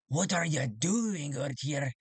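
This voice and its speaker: A man doing a gruff scolding space sheriff. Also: a little high, animated, takes it slowly, dry recording, heavily acted. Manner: scolding, folksy. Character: gruff small-town desert-planet sheriff, man.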